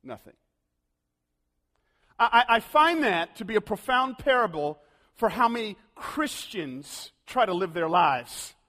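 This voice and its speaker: A man preaching a sermon, dramatic, swinging from loud calls down to hushed lows. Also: big pitch swings, measured pace. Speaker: pastor. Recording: long hall reverb.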